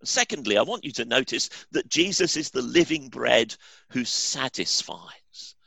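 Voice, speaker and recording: A man's voice: mid-range voice, lively intonation, a little slow, creaky, sharp tone, slightly rough, dry recording. A male pastor preaching a sermon in an earnest, emphatic way.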